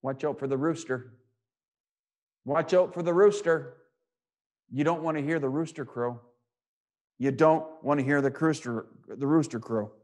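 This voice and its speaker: A male preacher, slightly high-pitched and a little slow, reads scripture and works through it with rhetorical questions and repeated phrases. Long pauses break up a delivery that swings from loud to hushed.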